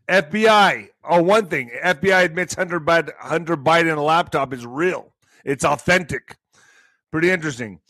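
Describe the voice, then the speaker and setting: Excitable rambling male show host. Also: fairly high pitch, dry recording. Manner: rambling, excitable, prone to shouting. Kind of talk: live commentary show.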